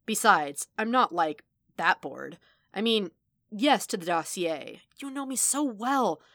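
A woman doing a loud wisecracking mercenary guy. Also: medium pitch, expressive, slow pace, dry recording, heavily acted. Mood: brash teasing. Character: brash joking male mercenary on phone.

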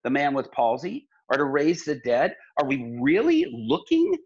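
A male pastor with a husky, fairly high voice speaks with earnest, preacherly passion, shifting easily from telling stories to making a firm point. The sound is dull and lo-fi, with the top end rolled off. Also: huge pitch swings, moderate pace. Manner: impassioned, preacherly. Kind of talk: earnest conversational storytelling.

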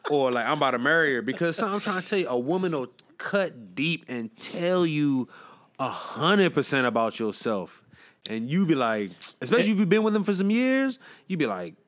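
Male co-host, lively pitch swings, slangy and laughing, a bit high. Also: normal speed. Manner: animated, slangy, laughs easily. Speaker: podcast co-host. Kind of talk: casual chat.

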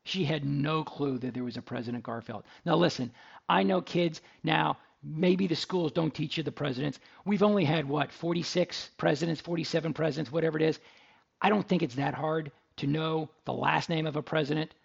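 A middle-aged man hosts a radio talk show, telling stories in a chatty, joking way. His voice sits high and has a gravelly rasp. The recording sounds a little dull and lo-fi. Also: steady tone, brisk. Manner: chatty, jokey storyteller. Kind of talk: casual radio talk and ad read.

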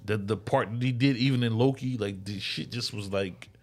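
A man in casual podcast chat, slangy and animated, acting out quotes. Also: moderate pace, faint music behind. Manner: animated, slangy, acts out quotes with big pitch jumps.

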